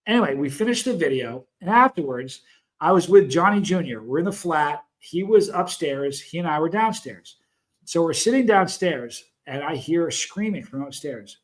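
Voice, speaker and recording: A middle-aged man with a slightly higher than usual voice tells a rambling story on a casual live stream. He talks straight to his viewers and keeps breaking off into chatty asides. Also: animated, moderate pace. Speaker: hot sauce show host.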